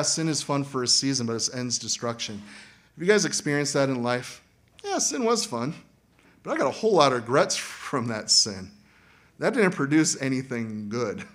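A man preaching a sermon as pastor, animated and acting out quoted voices. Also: medium pitch.

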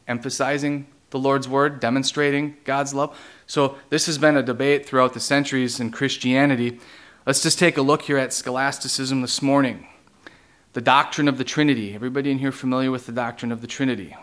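A man's voice: mid-range voice, a bit bright. A man preaching a sermon as pastor, teaching theological ideas and putting question after question to his congregation. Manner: asks the congregation many rhetorical questions; teaching, explains theological terms.

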